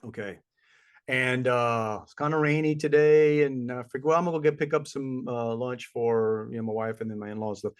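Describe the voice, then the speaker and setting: A middle-aged man co-hosts a podcast, chatting casually and rambling through stories while acting out the voices of people he met. His voice is medium-pitched and clean, with fairly even intonation and a brisk pace.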